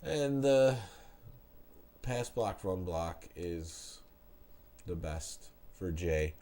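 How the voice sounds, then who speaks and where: Congested man in his thirties, streamer type, low mellow voice, unhurried delivery, casual stat read-outs. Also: expressive. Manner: laid-back, chatty, reads out stats with restarts. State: stuffed-up nose. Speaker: streamer reviewing a retro game. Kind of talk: live-stream game commentary.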